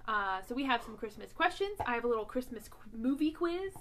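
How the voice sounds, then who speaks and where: A woman's voice: fairly high pitch, sing-song, fairly quick, a crowd in the background. A young woman hosting a casual family podcast from home, jokey and rambling, laughing often. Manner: giggly, jokey, rambling with many fillers. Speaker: podcast host.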